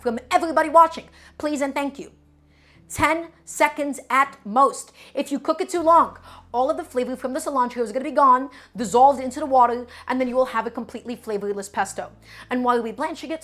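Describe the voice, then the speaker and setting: Chatty Brooklyn-raised woman teaching cooking. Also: high voice. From Brooklyn, New York. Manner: chatty, explains each step while answering viewers. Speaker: cooking streamer. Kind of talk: live cooking stream, talking to chat.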